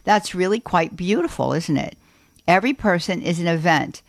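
A woman hosts a call-in radio show in a close, dry studio sound. Her voice sits low and she talks in a chatty way, quick to affirm each caller. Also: animated, no echo. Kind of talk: Catholic call-in radio talk.

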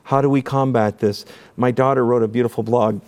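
A man's voice: mid-range voice, steady tone, a little fast, a little mellow. A middle-aged man from Canada, a guest on a talk show, speaking earnestly and often repeating words as he works through his thoughts. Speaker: guest, documentary maker.

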